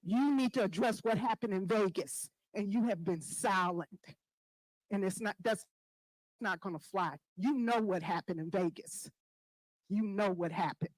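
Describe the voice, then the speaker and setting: A woman's voice: mid-range voice, no room sound, low-quality recording. Resident woman, mid voice, dry mic, firm and fed up. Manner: firm, disappointed, demanding answers. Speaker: resident speaking at public comment. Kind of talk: public comment at a village board meeting. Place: village board meeting room.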